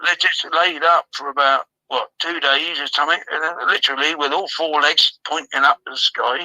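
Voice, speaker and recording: A man's voice: on the high side, fairly even intonation, normal speed, bright, forceful tone, dry recording, rough recording. A man, a comedy guest telling absurd tall tales in a matter-of-fact way. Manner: rambling tall tales told matter-of-factly.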